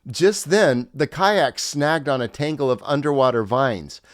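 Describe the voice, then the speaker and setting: A man's voice: medium pitch, unhurried, no echo, studio quality. A middle-aged man, a former pastor, narrating his memoir in a wry, reflective storytelling manner.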